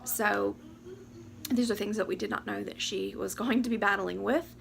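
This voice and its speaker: A woman, talking to camera about her year. She rambles, talks fast and fights back tears. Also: medium pitch, fairly even intonation, gravelly, fairly bright tone, slight background noise. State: teary, close to crying. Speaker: vlogger. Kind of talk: casual chat to camera. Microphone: camera or phone mic.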